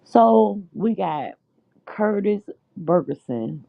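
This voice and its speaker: A host from the United States with a gravelly, fry-edged voice, running through reality-show gossip in a loose, dishy way. The sound is thin and phone-like, and the room is dead dry with no echo. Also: mid-range voice, expressive, slow. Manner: chatty and dishy, calls listeners child and honey. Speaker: podcast host. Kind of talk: casual gossip chat. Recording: dry, tinny phone-like line.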